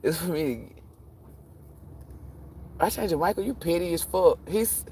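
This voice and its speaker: A man reading tarot on a live stream, ranting casually and profanely, rambling and cutting himself off, jumping between loud bursts and low muttering. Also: moderate pace, long pauses. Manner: profane, rambling, self-interrupting; animated, jumps between shouting and muttering.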